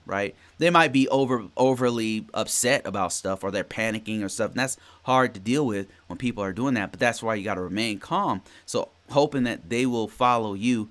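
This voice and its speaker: A man's voice: mid-range voice, animated, normal speed, a bit bright. A man hosting a live-streamed podcast, talking informally to viewers. He often restarts his sentences and keeps checking in with "right?". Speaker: podcast host. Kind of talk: live-streamed casual talk, reading viewer questions.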